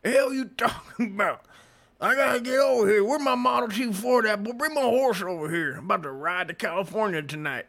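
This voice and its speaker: A man voicing a loud, blustering old Southern gentleman with a Southern US accent and a brash, hollering drawl. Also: high voice, brisk, vocal fry, voice pushed up.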